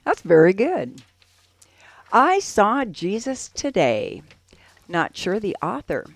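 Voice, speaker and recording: A woman co-hosting a radio show, reading an ad and an inspirational piece with expressive delivery. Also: medium pitch, takes it slowly, no room sound. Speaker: radio co-host.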